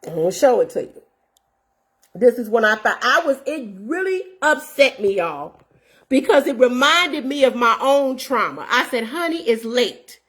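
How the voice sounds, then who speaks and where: Fifty-something lady host, chatty, earnest, bit of a high voice, reading messages out to viewers. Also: big pitch swings, moderate pace, fairly bright tone, breathy edge. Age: 50s. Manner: earnest, addresses viewers as y'all, reads out messages. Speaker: show host. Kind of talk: casual storytelling to viewers.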